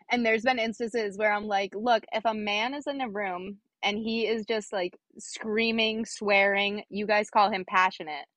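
A young adult woman appears as a podcast guest, telling a workplace story in a mid-range voice with no echo. She's animated in the casual chat, acting out quoted dialogue and using lots of fillers.

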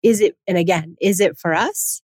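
A woman's voice: on the low side, moderate pace, a little mellow, slightly rough, no echo. A woman hosting a parenting talk, earnest and full of rhetorical questions, often restarting her sentences. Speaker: parenting podcast host. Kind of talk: casual advice talk.

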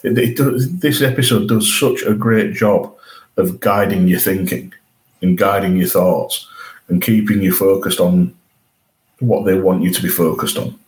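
A man's voice: sits low, measured pace, rough recording. A man co-hosting a podcast, chatting eagerly about a TV episode and often restarting his sentences. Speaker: podcast co-host. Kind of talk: casual chat reviewing a TV episode.

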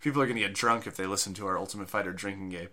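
Bright-voiced sarcastic man. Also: low-pitched, very fast. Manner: sarcastic, laughs often. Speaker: podcast co-host. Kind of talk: casual chat recapping a fight broadcast.

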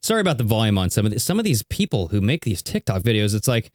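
A man hosts a show and talks over the clips he plays. His voice leaps around, and he often jumps into high mock tones. The sound is dry and close. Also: big pitch swings, fast talker, a little mellow, dry recording. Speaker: host reacting to clips. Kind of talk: casual commentary on videos.

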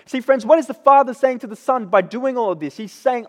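Inside a church, a man with a very high voice preaches a little fast, repeatedly checking in with listeners by asking "right?" The recording carries the long echo of a church hall.

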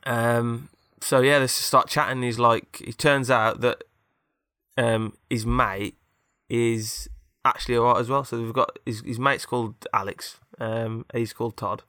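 Bright-voiced man telling a rambling story. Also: mid-range voice, fairly even intonation, measured pace, dry recording, clean studio sound. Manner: rambling, filler-heavy, tag questions. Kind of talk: casual improvised storytelling.

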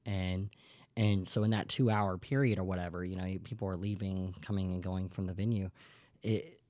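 A young man hosts a podcast and rambles through a story, full of fillers, restarts and swearing. His voice sits a bit low. The sound is dry and close. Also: steady tone, normal speed, a little mellow, no room sound. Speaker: podcast host. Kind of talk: casual storytelling chat.

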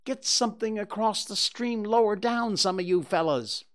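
A man's voice: sits high, moderate pace, fairly bright tone, pitched above the performer's own voice. A man voicing an earnest young boy in a storybook reading, with a hesitant manner.

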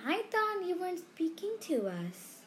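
A man's voice: extremely high pitch, huge pitch swings, measured pace, a little hiss or hum, voice pushed up, heavily acted. A woman voicing a gleeful young schoolboy in a storybook reading.

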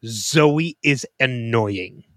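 A man co-hosting a podcast, talking through a TV episode in casual chat, openly emotional and quick to restart his sentences. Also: medium pitch, a bit bright, no room sound. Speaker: podcast co-host. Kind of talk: casual TV show discussion.

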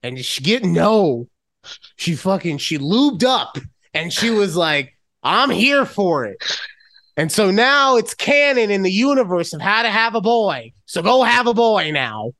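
A man co-hosting a casual podcast, telling a story in a profane and animated way. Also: sits high, unhurried, no room sound, clean studio sound. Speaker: podcast co-host. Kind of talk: casual chat.

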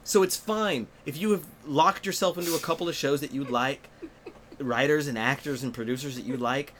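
A man's voice: medium pitch, normal speed. A man talking as a guest in a casual podcast conversation, telling stories and acting out the quotes. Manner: animated storyteller who acts out quotes.

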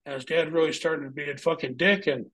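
A man's voice: a little high, steady tone, fast talker, fairly bright tone, husky, low-quality recording. Blunt, profane middle-aged man storyteller. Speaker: interview guest, former pro wrestler. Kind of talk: casual storytelling interview.

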